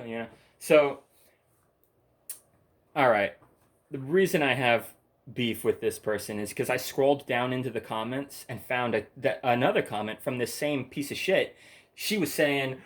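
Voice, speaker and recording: A man rants on his own in a loose, meandering monologue. He swears freely and bluntly, jumping from one gripe to the next with short laughs in between. His voice sits at an ordinary middle pitch. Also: normal speed. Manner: profane, blunt and rambling. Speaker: channel host. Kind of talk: rambling ranting monologue.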